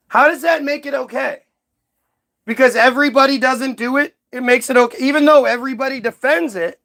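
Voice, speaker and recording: A man's voice: very high-pitched, brisk, pushed and bright. A man hosting his own channel in a heated, profane commentary rant, firing off rhetorical questions. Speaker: commentary host. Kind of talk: ranting commentary.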